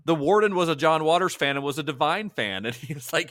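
A man's voice: a little high, quick pace, hardly any pauses, fairly bright tone, dry recording, studio quality. Chatty laughing male podcast host. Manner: chatty storyteller, laughs often, many fillers. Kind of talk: casual film podcast chat.

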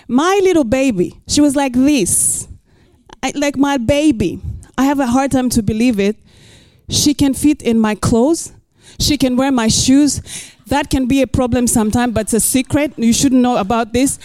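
Preaching a sermon and reading from scripture, a middle-aged woman pastor speaks expressively at a normal speed in a high voice, sprinkling in rhetorical questions and playful asides. There's no room sound.

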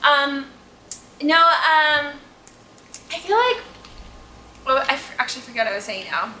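A woman's voice: high-pitched, lively intonation, a little slow, sharp tone, a little hiss or hum. A woman hosting a podcast, chatting loosely with lots of "like" and swearing. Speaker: podcast host. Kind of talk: casual chat. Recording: echoey room.

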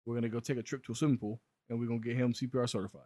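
A man's voice: medium pitch, level tone, rapid-fire, dark tone, no echo, clean studio sound. A young man co-hosting a podcast in casual chat, laid-back and joking. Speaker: podcast co-host.

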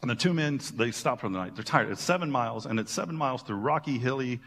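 A man pastor giving a sermon, retelling scripture as casual, animated storytelling with playful asides. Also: mid-range voice, quick pace, big-room sound.

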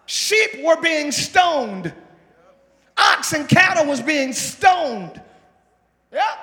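A male pastor preaching a sermon in a large church hall, shouting and calling on the congregation to respond. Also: extremely high pitch, vocal fry. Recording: live church hall with long reverb, crowd noise.

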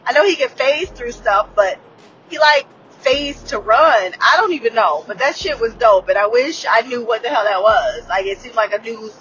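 A woman's voice: fairly high pitch, animated, normal speed, a bit bright, muffled recording, a little hiss or hum. A woman in her late thirties recapping a TV episode in a casual, candid way, swearing freely, laughing often and restarting her sentences. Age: late 30s. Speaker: TV episode reviewer.

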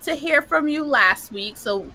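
A woman's voice: high voice, expressive, measured pace, sharp tone, rough recording. A woman hosting a casual group chat among parents, telling stories and laughing often. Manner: laughs often, chatty storytelling. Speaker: parent support group host.

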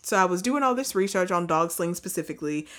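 A young woman hosting a casual chat, telling animated stories full of fillers. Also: fairly low pitch, fast talker. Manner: chatty, animated storytelling with many fillers. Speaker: podcast host.

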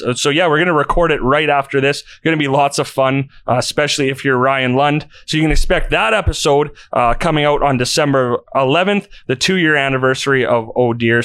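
A man's voice: fairly high pitch, fairly bright tone, no room sound. A man hosting a podcast, making loose, rambling announcements in casual chat from a studio. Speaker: podcast host.

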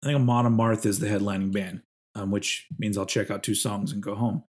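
A man's voice: lowish voice, fairly even intonation, fairly quick. A man co-hosting a podcast, chatting casually in a rambling, self-mocking way. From Texas. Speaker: podcast co-host. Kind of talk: casual chat.

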